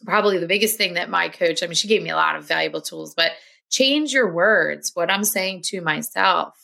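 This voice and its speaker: A woman's voice: lowish voice, brisk, gravelly, bright, forceful tone. A woman, a health coach and podcast guest, talking earnestly and encouragingly in casual conversation.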